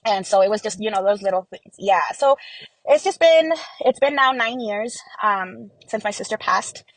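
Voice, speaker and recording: A woman's voice: medium pitch, lively intonation, normal speed, dry recording, poor audio. A woman speaking as an interview guest in a casual, emotional way, with many "like" and "you know" fillers.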